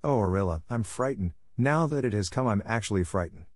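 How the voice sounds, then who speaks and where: A man's voice: on the low side, animated, brisk, no echo, clean studio sound. A man doing an anxious, wordy orphan girl. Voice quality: earnest, fond of long words.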